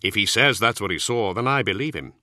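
A man's voice: fairly low pitch, fairly quick, pushed and bright, dry recording, studio quality. A man voicing a stiff, loyal soldier-commander who answers formally and bluntly.

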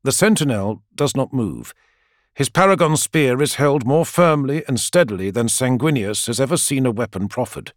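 A man's voice: mid-range voice, moderate pace, no room sound. A man reading a dramatic story as audiobook narration, close to the mic. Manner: dramatic, expressive reading with lively swings.

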